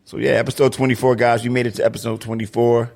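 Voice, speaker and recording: A man's voice: mid-range voice, little pitch movement, quick pace, vocal fry, darkish tone. A man co-hosting a casual podcast in a studio, laid-back and joking, often repeating his phrases. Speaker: podcast co-host. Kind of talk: casual chat.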